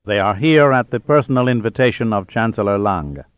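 A man voicing a young navy dive officer, speaking in a solemn, measured way. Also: lowish voice, animated, no room sound, lo-fi sound, lightly acted.

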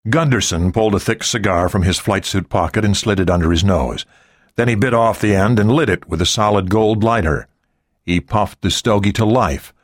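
A man narrating a thriller audiobook in an expressive storytelling style. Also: on the low side, a little fast, no echo, studio quality. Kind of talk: scripted narration.

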